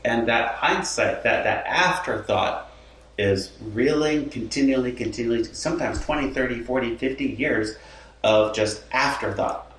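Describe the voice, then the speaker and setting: A man's voice: medium pitch, measured pace. A man who is a lead pastor talking casually and acting out the things people tell themselves. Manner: lively, acts out quoted inner talk, laughs often. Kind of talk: casual chat. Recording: roomy sound from a distant mic.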